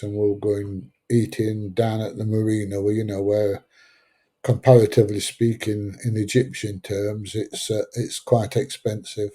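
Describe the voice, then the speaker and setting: A chatty older man in his seventies with a broad Sheffield accent, rambling through a casual livestream and answering viewers. His voice is fairly low and mellow, and he talks bluntly with the odd swear word. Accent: Sheffield English. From Sheffield, England. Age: 70s. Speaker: livestream host. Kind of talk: casual livestream chat reading out viewer comments.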